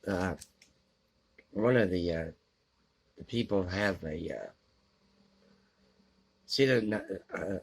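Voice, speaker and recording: A man giving blunt, grumbling book opinions in a halting way, with lots of fillers and frequent throat clearing. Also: low voice. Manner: grumbling, opinionated about books. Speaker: book vlogger answering a question tag. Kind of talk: casual unscripted talk to camera.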